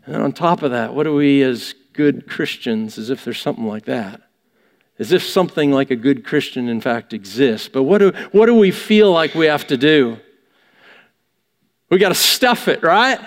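A man's voice: medium pitch, animated, moderate pace, long reverb tail. A man preaching a sermon in a church, pressing his points with rhetorical questions. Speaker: pastor. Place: church sanctuary.

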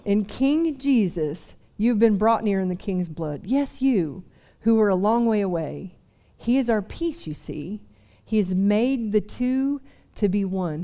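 A woman's voice: medium pitch, dark tone, big-room sound. A woman putting on a British accent to voice a male scholar reading scripture with stately emphasis. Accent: British (attempted).

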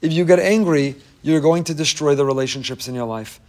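A man teaching a lively Torah lecture, emphatic and repeating key phrases, with joking asides to his listeners. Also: on the high side, brisk. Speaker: rabbi teaching a class.

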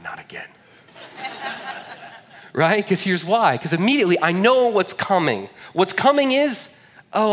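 A man's voice: fairly high pitch, fairly bright tone. A man, preaching a sermon and telling a funny story with jokey asides to the audience. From Georgia, USA. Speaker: pastor. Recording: long hall reverb.

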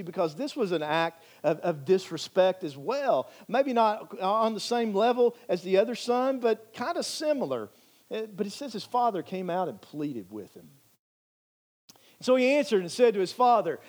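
A high-voiced male pastor delivers a sermon. He speaks earnestly and emphatically and drives his points home by repeating phrases. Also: animated, moderate pace, darkish tone.

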